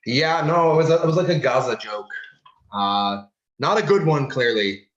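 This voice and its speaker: A joking man speaks in halting bursts full of fillers and restarts. He talks through a computer mic on a video call. The sound is roomy and echoing from a big empty gym, and the audio is dull and muffled. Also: medium pitch, animated, a bit bright. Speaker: podcast co-host. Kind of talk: casual chat with jokes. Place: large empty school gym.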